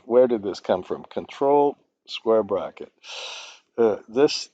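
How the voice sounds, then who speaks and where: A man's voice: on the low side, lively intonation, slow, mellow, no echo, highs cut off. A man teaching finance modelling in a screen-recorded spreadsheet tutorial, rambling and self-deprecating as he thinks aloud. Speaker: finance instructor.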